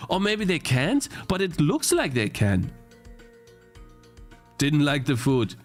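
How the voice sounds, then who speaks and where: A man's voice: fairly high pitch, huge pitch swings, slow pace, faint music behind. A young man streaming a game he is playing, thinking aloud, restarting his sentences and getting easily frustrated. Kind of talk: live-stream gameplay commentary.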